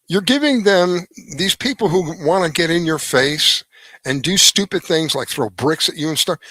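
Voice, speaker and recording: A man's voice: fairly high pitch, bright, forceful tone, no echo, rough recording. A middle-aged man hosting a radio show, giving a rambling opinion monologue with restarts and heavy emphasis.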